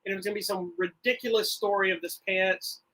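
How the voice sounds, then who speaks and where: A middle-aged man co-hosting a podcast, telling stories in a rambling, animated way with frequent restarts. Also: high-pitched, fast talker, poor audio. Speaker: podcast co-host. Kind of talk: casual chat.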